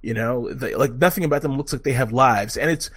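A man giving a casual game review, excitable, swearing freely, full of fillers and restarts. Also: mid-range voice, brisk, breathy edge.

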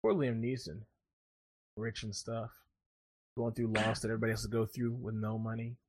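A man's voice: on the low side, flat delivery, normal speed, background noise. A man co-hosting a casual podcast chat, joking and rambling through a story. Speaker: podcast co-host.

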